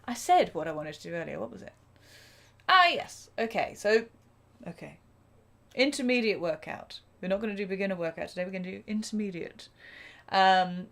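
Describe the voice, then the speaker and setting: A woman teaching a live drum lesson, chatty and self-deprecating, counting beats out loud. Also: lowish voice. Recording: drum kit playing loudly behind.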